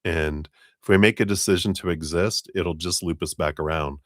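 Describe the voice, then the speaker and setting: A man with a very low voice reads tarot on a live stream, recorded dry and close. He talks in a relaxed, rambling way, full of fillers and spiritual phrases. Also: moderate pace, no echo. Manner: relaxed, meandering, spiritual talk with many fillers; acts out spirit voices in a raised pitch, laughs often. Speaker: tarot reader.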